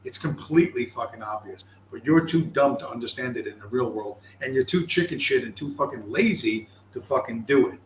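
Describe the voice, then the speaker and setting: A man's voice: mid-range voice, lively intonation, brisk, hardly any pauses, roomy sound, a little hiss or hum, poor audio. A man delivering a profane, contemptuous ranting monologue, aggressive and heavy with swearing. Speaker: commentator.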